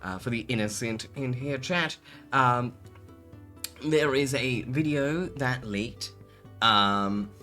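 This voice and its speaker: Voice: medium pitch, slow pace, pushed and bright, faint music behind. A VTuber streamer in casual live-stream chat, giggling and rambling while answering chat.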